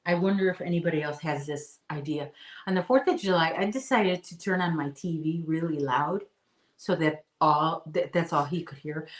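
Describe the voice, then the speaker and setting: A woman's voice: low-pitched, roomy sound, poor audio. A woman in her late forties hosting a casual live chat, talking to her viewers and her dog. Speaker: livestream host. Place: apartment room.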